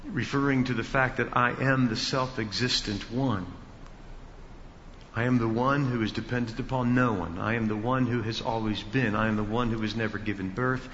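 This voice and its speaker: Male preacher, bright forceful voice, long hall reverb, dull lo-fi sound. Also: mid-range voice, steady tone, normal speed, a little hiss or hum. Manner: emphatic, rising to loud peaks. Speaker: pastor. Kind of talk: expository sermon.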